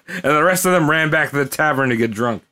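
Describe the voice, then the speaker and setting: A man's voice: fairly high pitch, brisk, sharp tone. A man casually retelling a history story to friends, rambling, swearing freely and laughing along. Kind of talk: casual comedic history chat.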